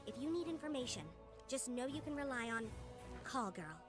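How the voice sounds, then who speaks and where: An actress voicing a helpful female informant in a video game, calm and matter-of-fact. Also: sits high, brisk, soft background music.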